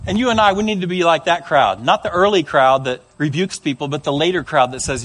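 A man preaching a sermon, telling stories in a conversational, animated way. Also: a little high, a little fast, few pauses. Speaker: pastor.

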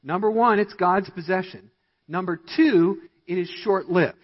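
A man preaching a sermon as pastor, stressing his points with emphatic, rising delivery. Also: unhurried. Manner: emphatic preaching with rising pitch on key lines. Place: church sanctuary. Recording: dull, echoey church recording.

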